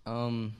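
Chatty young man preaching. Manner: loose and chatty, many fillers, swells louder on key points. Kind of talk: casual sermon.

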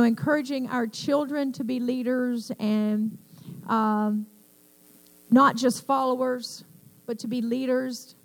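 Older woman preacher, high voice. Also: creaky, rough recording. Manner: preaching with call-and-response asides. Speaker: pastor. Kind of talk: sermon.

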